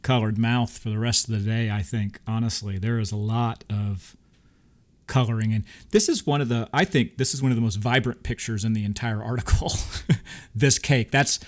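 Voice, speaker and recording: A man's voice: lowish voice, normal speed. A man co-hosting a podcast, talking about theme park treats in an enthusiastic, chatty way and laughing often. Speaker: podcast co-host. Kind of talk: casual chat.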